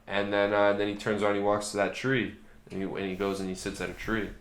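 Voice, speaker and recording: A man's voice: on the low side, monotone, fast talker, heavy background noise. A young man co-hosting a casual film review chat, talking loosely and swearing casually. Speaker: co-host. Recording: echoey room.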